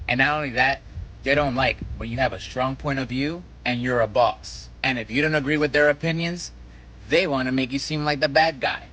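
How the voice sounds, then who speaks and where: A man's voice: medium pitch, steady tone, fairly quick, fairly bright tone. A man from New York City delivering a confident, point-by-point monologue to camera. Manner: confident, declarative, lays out points. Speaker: political commentator.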